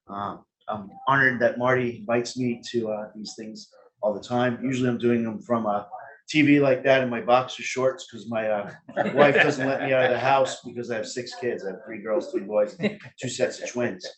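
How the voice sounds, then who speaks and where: A man's voice: medium pitch, fairly even intonation, moderate pace, a bit bright, rough recording. A man with a thick Brooklyn New York accent talks on a panel over a video call. His delivery is loose and jokey, with lots of uh and um between thoughts. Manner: rambling, jokey, many fillers. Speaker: family office advisor, panelist. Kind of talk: panel discussion.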